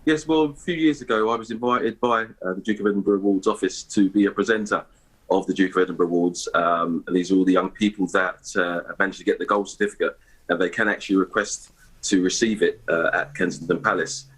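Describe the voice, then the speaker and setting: In a live broadcast interview, a middle-aged award ambassador from East London, England, hesitates through his answers with many fillers and restarts. He talks fast in a low, husky voice with a fairly bright tone, and the audio is poor.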